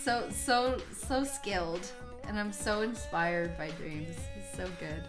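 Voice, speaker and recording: A young woman streaming while she draws, gushing excitably, swearing a lot, laughing often and trailing off mid-sentence. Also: mid-range voice, takes it slowly, over music. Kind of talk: casual live-stream chat while drawing.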